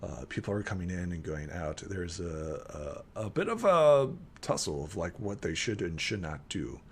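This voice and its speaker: A man's voice: deep voice, very animated, normal speed, gravelly, husky. Rambling game master man. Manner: rambling, many fillers and restarts. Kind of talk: narrating a tabletop game.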